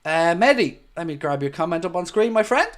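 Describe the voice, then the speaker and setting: Chatty Irish man, voice pitched a bit high. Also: big pitch swings, a little fast. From Ireland. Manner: chatty and jokey, calls viewers mate. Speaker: host of a football watchalong stream. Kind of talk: casual live-stream chat, reading viewer comments.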